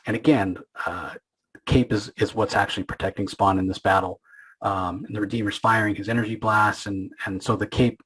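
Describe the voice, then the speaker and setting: A man with a low, husky voice, talking through a comic book story as a podcast host. His delivery is loose and rambling, with many fillers and restarts. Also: fairly bright tone, low-quality recording. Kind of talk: casual comic book recap.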